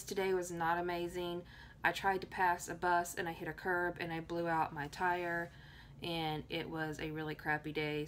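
A woman from Tennessee gushing excitedly as she opens happy mail at home in a casual vlog. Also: lowish voice, slight background noise. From Tennessee, USA. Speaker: planner vlogger.

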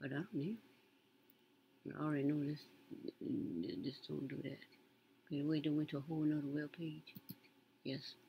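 A woman's voice: deep voice, little pitch movement, normal speed, vocal fry, pauses often, highs cut off, a little hiss or hum. A woman, casually commenting on a news story as she browses, muttering to herself and reading aloud with emphasis. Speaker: content creator reading news.

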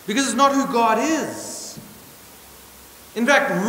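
A male pastor preaching a sermon with emphatic points and wry asides, swinging from loud stresses to hushed remarks. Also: very high-pitched, very animated, takes it slowly, pauses often. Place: church hall. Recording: echoey church hall with hiss.

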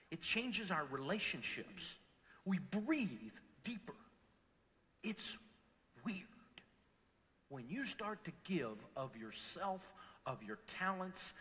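Middle-aged male pastor, emotional storyteller, bright tone, long reverb of a large church. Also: high-pitched. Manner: emotional storytelling, swings from loud to hushed. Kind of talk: sermon.

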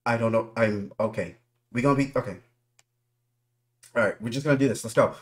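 A man's voice: mid-range voice, a little fast. A man giving nervous running commentary while playing a horror game, talking straight to his viewers. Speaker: gaming YouTuber.

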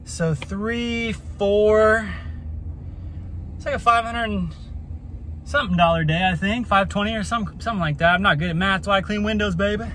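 Laid-back man vlogging outdoors, slightly high. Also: steady tone, normal speed, fairly bright tone, slight background noise. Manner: laid-back, rambling with fillers. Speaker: window cleaning business owner. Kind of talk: casual vlog narration.

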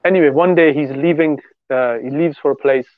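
A man's voice: a little high, fairly quick, dry recording. Man on a tinny, dry phone-like line. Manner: rambling storyteller with many restarts. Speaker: podcast co-host. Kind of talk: casual religious discussion.

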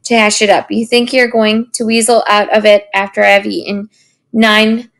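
A quarrelsome schoolboy shouting his case in a storybook reading, as a woman reads him aloud. He is boastful and pushy, and his voice sits a little higher and louder than plain narration. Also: level tone, moderate pace, vocal fry. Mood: indignant. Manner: shouting, argumentative.

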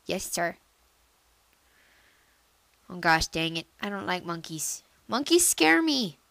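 A woman giving casual let's-play commentary on a computer game, chatty and excitable, jumping into squealy high bursts. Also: takes it slowly, gravelly, no echo. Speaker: gameplay commentator.

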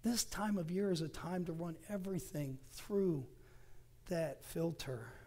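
Man preaching a sermon, middle-aged, swings between loud bursts and whispers, slightly high voice. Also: unhurried. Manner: dramatic shifts from loud bursts to soft whispered phrases. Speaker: associate pastor. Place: church sanctuary.

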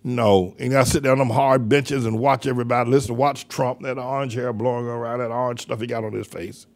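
A man's voice: medium pitch, fairly even intonation, a little fast, darkish tone. An older man hosting a talk show, delivering rambling, mocking political commentary that trails off and restarts mid-sentence. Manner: mocking, sardonic. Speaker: radio show host.

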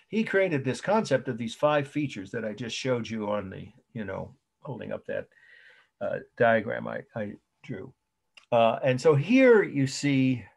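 A man lecturing on art history over a video call, slowly spelling out terms and repeating key points. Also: mid-range voice, creaky, husky. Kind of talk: online lecture.

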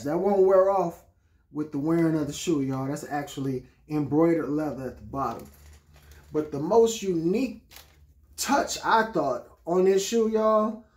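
A man's voice: a little high, darkish tone. A man giving a casual sneaker review, talking straight to his viewers. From Texas. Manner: chatty, keeps addressing viewers as y'all. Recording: echoey room.

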